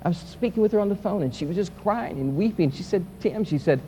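A male pastor preaching a sermon, swinging from loud, impassioned peaks to quiet, soft passages. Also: high-pitched, expressive, fast. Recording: reverberant hall with faint hum.

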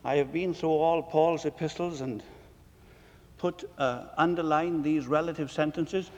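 A man preaching to fellow preachers with emphatic rhetorical questions, his voice soaring and then dropping to a hush. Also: fairly high pitch, fairly even intonation, measured pace, highs cut off. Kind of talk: sermon lecture. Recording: long reverb of a large hall.

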